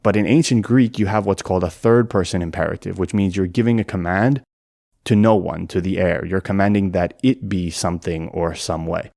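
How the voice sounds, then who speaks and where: Deep-voiced guy narrating an educational vid, steady and methodical, dry close sound. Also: a little fast, no room sound. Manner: clear, methodical explaining. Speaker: language explainer.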